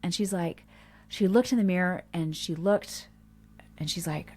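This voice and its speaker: A woman in her forties leads a parenting workshop in an earnest, heartfelt way. Her voice sits on the low side for a woman. She often acts out short family stories and quotes as she goes. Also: unhurried, a little mellow, slight background noise. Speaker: homeschool workshop host.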